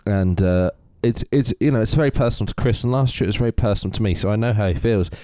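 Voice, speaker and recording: A man co-hosting a casual podcast, relaxed and supportive. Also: fairly low pitch, fast talker, dry recording, clean studio sound. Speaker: podcast co-host.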